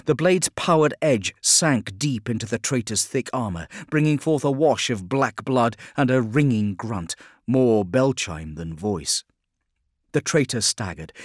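A man reading a dramatic action story aloud as a narrator, in a measured, steady delivery. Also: medium pitch, dry recording, studio quality. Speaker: audiobook narrator. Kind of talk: scripted narration.

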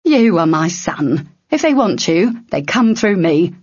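Brief: a reader doing a stern older mother, blunt and scolding, slow and emphatic, husky and a little distant on a dull recording. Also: on the low side, big pitch swings, a little mellow, full character voice. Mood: fierce.

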